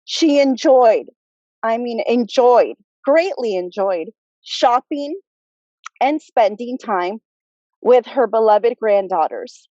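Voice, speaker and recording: Woman, slow and choked up, soft mellow voice, muffled dry video-call audio, memorial tribute. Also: fairly high pitch, expressive, no echo. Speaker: family member giving a tribute. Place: outdoors at a cemetery graveside.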